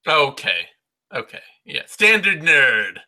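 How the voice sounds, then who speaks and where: Podcast guy cracking jokes, very bright sharp voice, trips over his words. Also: on the high side, sing-song, slow pace. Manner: jokey, stammers and restarts. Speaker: podcast co-host. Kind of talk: casual joking chat.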